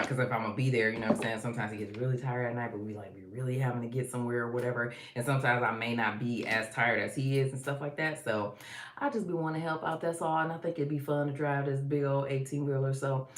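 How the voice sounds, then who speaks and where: A woman's voice: extremely low pitch, steady tone, fast talker. A woman hosting a casual live stream, chatting in a slangy, easygoing way and sometimes singing greetings to her viewers. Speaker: live-stream host reading viewer comments. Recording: roomy echo with faint noise.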